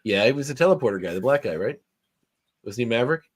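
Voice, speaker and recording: A man's voice: mid-range voice, expressive, fast talker, breathy edge. A man co-hosting a podcast over a video call, joking and chatting with frequent restarts. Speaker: podcast co-host.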